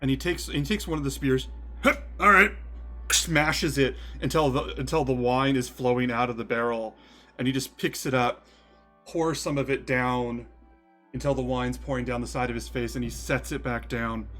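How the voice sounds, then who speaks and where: A man's voice: medium pitch, steady tone, normal speed. A man narrating as game master in a casual, filler-heavy storytelling manner, with faint music behind him.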